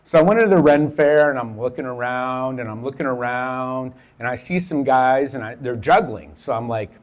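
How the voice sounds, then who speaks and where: Middle-aged male storyteller, mid-pitched voice, casual and profane, acts out the quotes. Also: moderate pace. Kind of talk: personal storytelling.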